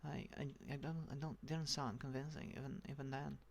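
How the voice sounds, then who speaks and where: A vlogger speaking in a slightly raspy feminine voice with a dry, sore throat, rambling and halting through a casual rant. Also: medium pitch, fairly even intonation, a little hiss or hum. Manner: halting, full of restarts and fillers, profane.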